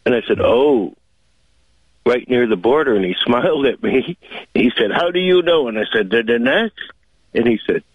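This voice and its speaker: A man calls into a talk show and tells a long story at an easy, chatty pace, leaning on fillers. His voice sits at an ordinary pitch. It comes through a dry, tinny phone line. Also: animated, normal speed, long pauses, slightly rough, no echo. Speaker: caller. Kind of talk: call-in radio talk.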